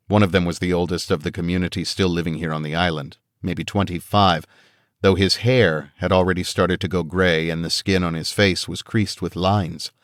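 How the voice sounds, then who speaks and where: Man, audiobook narrator, very deep voice, steady measured reading, dry close sound. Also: no echo. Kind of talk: scripted narration.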